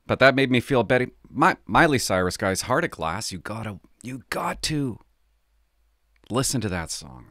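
A man's voice: mid-range voice, fairly bright tone, no echo, clean studio sound. A middle-aged man from Canada, a former police officer, talking casually and confidingly on his podcast, rambling and laughing as he tells stories.

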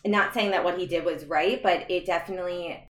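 A young woman shares her life story on a podcast, her fairly low, fairly bright voice moving at a slightly quick clip. She is candid, earnest and reflective, laughing at times between remarks, and the sound is echoey.

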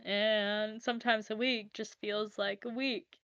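A woman's voice: mid-range voice, fairly even intonation, a little slow, fairly bright tone, clean tone, no room sound, highs cut off. A woman chatting casually with friends, playful and giggly, teasing the others. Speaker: podcast co-host. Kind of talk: casual chat.

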